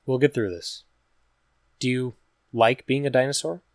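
A man voicing a caring, determined woman in a storybook reading who asks gentle questions and sometimes speaks in a hush. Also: mid-range voice, moderate pace, no echo, studio quality, lightly acted. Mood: gently probing. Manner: gentle questioning, hushed at times.

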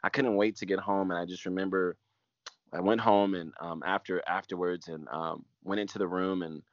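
A man with a very deep voice speaks as a pastor, earnest and repetitive, his words sometimes sinking to a near whisper. The sound is dry and close, with a dull, muffled quality. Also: fairly even intonation, moderate pace, no room sound. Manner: earnest, repeats phrases, voice drops to near whisper at times. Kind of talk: emotional personal testimony.

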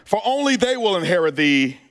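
Brisk and sing-song, a male pastor's high-pitched, slightly bright voice carries through a church sanctuary with hall reverb. During his sermon he fires questions at the congregation and asks whether they're ready, call-and-response style.

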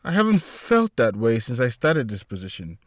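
A man voicing a calm, composed female police superintendent who speaks in a measured way. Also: mid-range voice, no echo, clean studio sound, close to an everyday voice.

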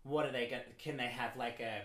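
A man co-hosting a podcast in casual chat, excitable and quick, laughing often. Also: mid-range voice, echoey room. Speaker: podcast co-host.

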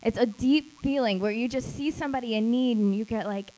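A woman small group leader teaches at church with an emphatic, earnest delivery. Her voice sits a little high for a woman. She drives points home by repeating them. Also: brisk, warm tone, poor audio. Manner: emphatic, repeats key phrases, acts out quotes.

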